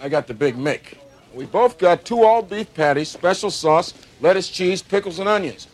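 An actor in a film clip plays a proud middle-aged man who runs a knockoff burger restaurant, speaking slowly and checking in with "hmm?". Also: high voice, expressive. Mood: smug explaining. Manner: slow, self-satisfied, checking in with "hmm?". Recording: film clip with traffic noise behind.

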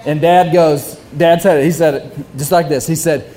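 A young man telling a hunting story, animated and often laughing while he talks. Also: a little high, moderate pace. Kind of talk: casual storytelling.

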